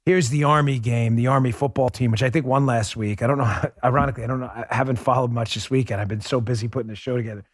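A man from Queens hosting a political commentary podcast, animated and quick to laugh. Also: mid-range voice, dry recording, clean studio sound. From Queens, New York. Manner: animated, laughs often, breaks into impressions. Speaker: podcast host.

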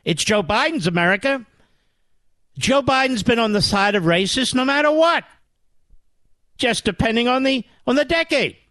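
Older man, talk-radio host, indignant and sarcastic, high swooping voice, dry close sound. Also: animated, normal speed, pauses often, sharp tone, dry recording. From Philadelphia area, US. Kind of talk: political talk radio monologue.

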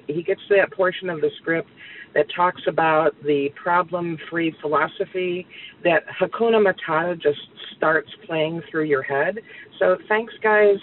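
A woman's voice: on the low side, a little hiss or hum. A woman caller leaving a cheerful, chatty voicemail for a podcast. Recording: tinny, distant phone line.

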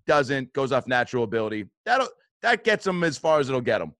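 Guy telling a story on a podcast, swears a lot, jumps into loud quotes, dry close mic. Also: medium pitch, fairly quick, no room sound. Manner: animated, swearing, acts out quotes in bursts. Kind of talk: casual storytelling chat.

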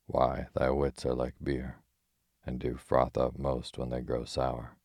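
A man's voice: extremely low pitch, monotone, a little mellow, husky, no room sound, studio quality, heavily acted. A man voicing a bold, cheerful outlaw who jests in old-fashioned speech, in an audiobook reading. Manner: archaic speech, measured, teasing.

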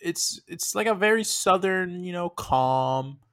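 Bright, lively man in animated chat. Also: sits high, unhurried. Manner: animated, swears and laughs often. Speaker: podcast co-host. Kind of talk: casual chat.

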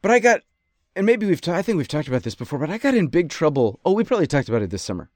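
A man from western New York telling a story in a casual monologue, animated and ranting, often cutting himself off mid-sentence. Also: on the high side, rapid-fire, no echo, studio quality. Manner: animated, ranting, self-interrupting. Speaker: podcast host.

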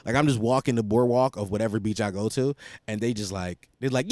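A man's voice: lowish voice, fast, a little mellow, no echo, studio quality. A young man hosting a podcast, chatting casually in a rambling, profane and self-mocking way. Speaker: podcast host. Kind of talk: casual solo chat.

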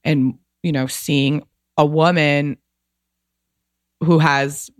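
A woman in her thirties, appearing as a podcast guest, tells a personal story with candor and emotion, swearing casually and filling pauses with "like". Her deep voice is steady and very slow, captured in a dry, clean studio recording.

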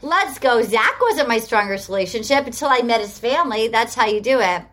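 A woman hosting a podcast with a fairly high voice, chatting casually. She is an animated storyteller who slips into the voices of the people she describes. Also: a little fast. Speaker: podcast host. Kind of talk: casual chat recapping a reality show.

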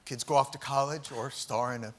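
A man's voice: mid-range voice, fairly even intonation, brisk, a little hiss or hum. A man hosting a comedy sketch, speaking in a mock-sentimental way.

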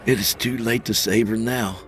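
A man narrating a first-person horror story as podcast host, measured and tense. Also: fairly low pitch, fairly even intonation, a little hiss or hum.

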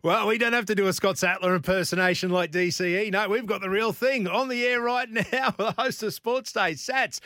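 A man's voice: high voice, normal speed, few pauses, bright, forceful tone, no echo, studio quality. A man with an Australian accent hosting a morning radio show, jovial and chatty. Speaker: radio host. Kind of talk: casual radio chat.

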